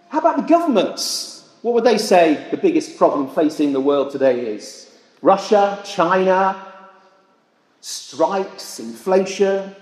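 A man delivers a sermon in an easy, conversational way, throwing rhetorical questions at his congregation. His voice sits a little high and moves animatedly. A long reverb from the church hall trails behind every phrase. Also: darkish tone. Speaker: preacher.

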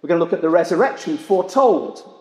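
A man delivers a sermon in an easy, conversational way, throwing rhetorical questions at his congregation. His voice sits a little high and moves animatedly. A long reverb from the church hall trails behind every phrase. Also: very animated, quick pace. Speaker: preacher.

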